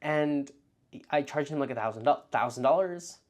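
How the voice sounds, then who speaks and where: A young man talking casually to camera as a vlog host, telling animated stories and acting out his past thoughts, with lots of "like.". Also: fairly high pitch, moderate pace. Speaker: freelance marketer and video host.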